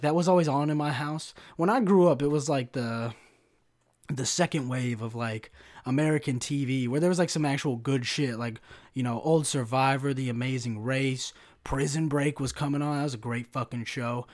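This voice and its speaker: A man's voice: medium pitch, a little fast, darkish tone. A young man hosting a solo podcast rant, profane and sarcastic, constantly saying "bro" and "like". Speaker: podcast host.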